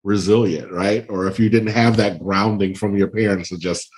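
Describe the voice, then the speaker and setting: A man's voice: fairly low pitch, steady tone, moderate pace, darkish tone. A male host reacting reflectively to a guest's story in a conversational interview.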